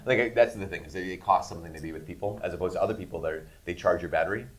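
Brief: 50s man, low voice, interview guest, animated and laughing anecdotes. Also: racing. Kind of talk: casual storytelling.

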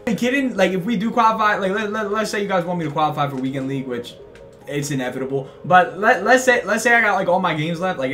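A man's voice: fairly high pitch, bright, forceful tone. A young man giving casual, slangy commentary over his own football video game match, talking to the opponent and to viewers. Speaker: gaming YouTuber.

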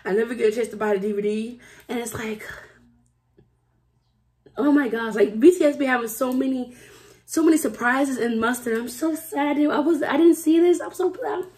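A woman hosting a reaction video, talking excitedly, squealing, laughing and singing along. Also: on the high side, normal speed. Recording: music playing loudly behind.

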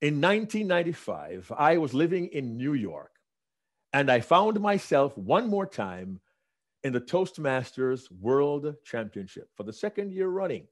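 A man's voice: a little high, a little slow. A man in his sixties giving a motivational keynote speech, telling stories dramatically. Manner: dramatic storytelling, animated. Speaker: keynote speaker.

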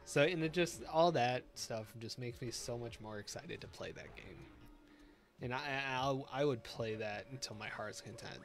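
A young man streaming a game, chatting casually and gushing with excitement and emotion. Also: mid-range voice, moderate pace, faint music behind.

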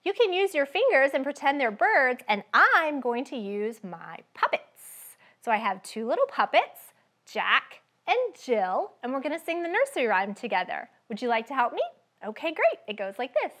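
A woman running a children's library storytime, talking in a drawn-out, sing-song way for small children. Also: sits high, sing-song, sharp tone.

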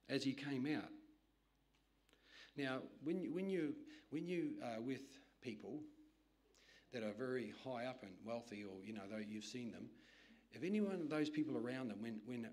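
A man's voice: medium pitch, darkish tone. A middle-aged man preaching a sermon, telling rambling personal stories in a conversational way with frequent restarts.

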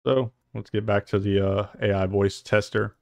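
A young man hosts a rambling software tutorial on voice-changer settings, talking casually and cursing lightly now and then. His voice sits on the low side with little pitch movement, a normal speed, and a creaky texture. It's recorded on a studio mic with noise suppression and has no echo.

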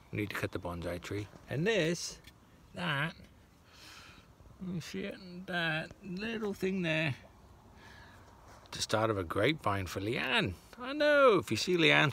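A man's voice: mid-range voice, fairly bright tone. Man, playful garden vlog, singsong, talks about himself in third person, phone mic outdoors, faint background hum. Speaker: vlogger talking to a child.

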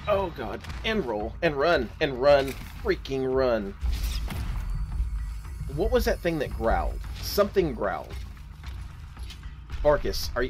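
A man's voice: medium pitch, sing-song, takes it slowly, long pauses, soft background music. A young man giving let's play commentary, frantic and exclaiming as he talks to himself and the game. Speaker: gaming channel host.

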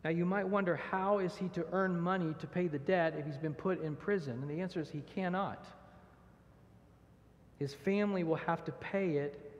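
Reading scripture aloud and asking rhetorical questions, a man delivers an earnest verse-by-verse sermon as pastor. He speaks at a moderate pace with a voice that sits high. The lo-fi recording has a long church reverb.

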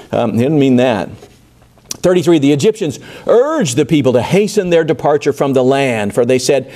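A man's voice: on the high side, animated, moderate pace, mellow. A man teaching a Bible study in a church, talking conversationally with many asides and fillers, and lifting his voice when he reads scripture aloud. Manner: digressive, many fillers and asides, rises for emphasis when reading.

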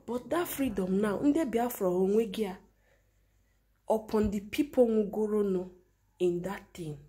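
A commentator with a Nigerian Igbo accent delivers an earnest, lamenting monologue that mixes Igbo and English and is full of rhetorical questions. Her medium-pitched voice is a little slow and dark in tone.

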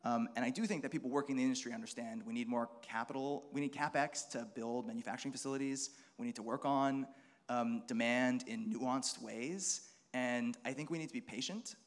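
A man speaking in a measured, analytical way on a conference panel. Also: medium pitch, fairly even intonation. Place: conference stage.

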